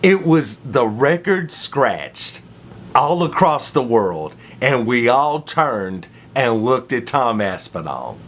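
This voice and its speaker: Male host, lively pitch, casual storytelling recap with slang, faint rumble under the voice. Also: takes it slowly. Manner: animated storytelling with slang and repeated phrases. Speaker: MMA commentary host. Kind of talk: casual fight recap monologue.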